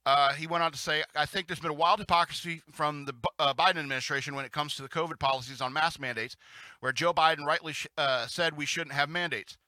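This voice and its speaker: A man's voice: fairly high pitch, bright, forceful tone, no echo. A man hosting a talk radio show, rambling and chuckling through casual commentary and news reading, with frequent restarts.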